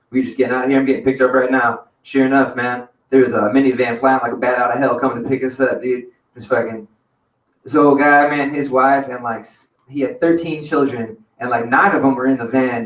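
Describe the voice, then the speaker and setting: Profane rambling man in a roomy cafe. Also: mid-range voice. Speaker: open mic storyteller. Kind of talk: casual spoken storytelling. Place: cafe open mic stage. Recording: roomy venue audio from a distance.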